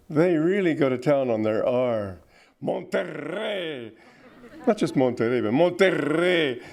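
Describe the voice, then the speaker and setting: An older man, a spiritual teacher, gives an informal and reflective spiritual talk in a fairly high, warm voice, adding chuckling asides and playful mimicry.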